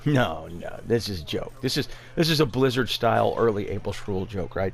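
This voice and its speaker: A man's voice: on the low side, expressive, normal speed, few pauses. Man, gameplay commentary, sarcastic, incredulous, exasperated rant. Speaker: gaming video creator.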